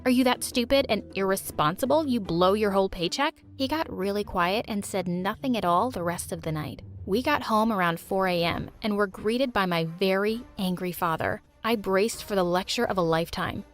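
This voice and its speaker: Expressive young woman narrating a story. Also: mid-range voice, moderate pace, hardly any pauses. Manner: lively, expressive. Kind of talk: first-person animated story narration. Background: faint music.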